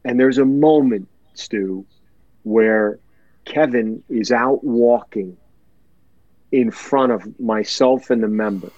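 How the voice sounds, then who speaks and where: A man's voice: medium pitch, slow pace, darkish tone, dry recording, dull audio. A man telling a heartfelt personal story in a podcast chat, earnest and emotional, repeating words for emphasis.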